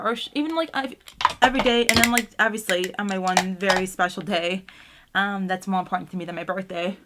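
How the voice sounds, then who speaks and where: Casually vlogging a get-ready-with-me session at home, a young woman applies makeup while rambling with lots of fillers. Her voice is medium-pitched and a bit bright, and speaking about gratitude makes her tearful at times.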